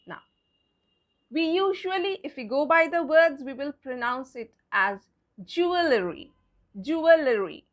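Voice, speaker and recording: Woman English teacher, adult, bright high voice that swings widely, patient and emphatic pronunciation drills. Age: adult with a son. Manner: spells words out letter by letter and models pronunciations with emphasis. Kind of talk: pronunciation lesson.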